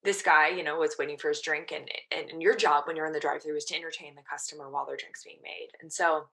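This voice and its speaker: Woman in her thirties, podcast guest; low, forceful voice, lively story-driven delivery. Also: fast talker, creaky. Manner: animated, quotes her own past thoughts. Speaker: guest, mental performance coach. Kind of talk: casual storytelling in a podcast interview.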